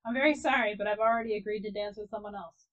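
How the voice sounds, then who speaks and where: A woman's voice: mid-range voice, very fast, a bit bright, muffled recording, close to an everyday voice. A woman reading out a polite young village woman who apologetically turns down a dance, in a game. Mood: apologetic.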